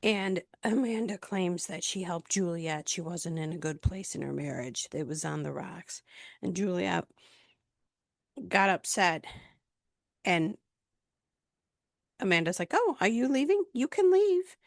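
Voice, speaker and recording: A woman's voice: lowish voice, slow, creaky, pauses often, no echo, studio quality. A woman casually recapping a reality TV episode, retelling the scenes in a chatty way with lots of fillers.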